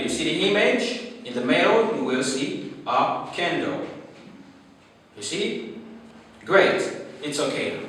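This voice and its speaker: A male English teacher giving a phonics lesson, repeating words slowly and checking in with "okay?" again and again. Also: on the high side, a bit bright, slight background noise. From Haiti. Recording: roomy echo, far from the mic.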